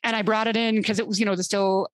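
An animated woman telling stories in casual conversation, with a voice of average height for a woman. She acts out the people she quotes and swears freely. The recording is dry and close, with no room sound. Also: mid-range voice, fast talker, no room sound. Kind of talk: casual chat.

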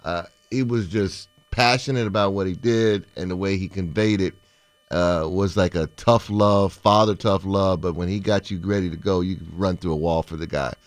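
A man, a former pro football player, co-hosting a casual sports talk show and explaining his points in a steady, conversational way. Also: low-pitched, moderate pace, dry recording.

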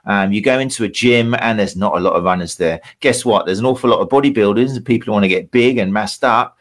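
A middle-aged man hosting a podcast interview, chatty and quick to laugh. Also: lowish voice. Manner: chatty, laughs easily, drawn-out phrasing. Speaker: podcast host.

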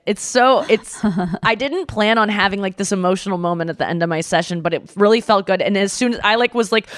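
A woman's voice: a little high, no room sound, clean studio sound. A young woman hosting a podcast, telling stories in casual chat with many fillers and an emotional tone. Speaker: podcast host.

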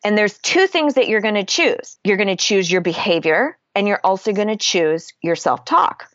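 A woman's voice: medium pitch, lively intonation, moderate pace, fairly bright tone, no echo. Candid woman with a dull, dry sound. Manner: candid, explanatory, swears casually. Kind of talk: casual podcast conversation.

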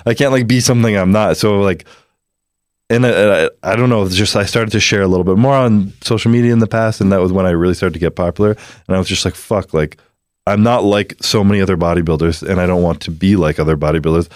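A man's voice: low-pitched, steady tone, fast talker, no echo, studio quality. A young Canadian man with a lisp, a podcast guest talking candidly with lots of fillers and swearing. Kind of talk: casual podcast conversation. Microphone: headphones on, studio mic.

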